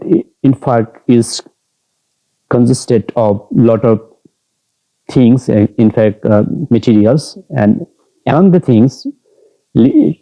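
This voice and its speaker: A man with a Bangladeshi English accent lectures on literature. His voice is deep and very mellow, and his delivery is deliberate and halting, full of fillers and restarts. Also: poor audio.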